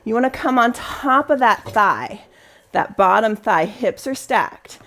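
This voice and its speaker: A woman's voice: fairly high pitch, lively intonation, measured pace, fairly bright tone. Upbeat woman coaching a workout. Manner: encouraging, counts reps down with breathy cheers. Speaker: Pilates instructor. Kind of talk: guided workout instruction with counting.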